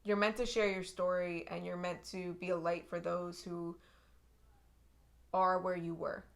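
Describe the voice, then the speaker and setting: A young woman with a somewhat low voice gives a tarot reading straight to her viewers. She speaks earnestly and with feeling, circling back to repeat herself and restarting her sentences as she goes. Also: little pitch movement, unhurried, creaky. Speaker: tarot reader.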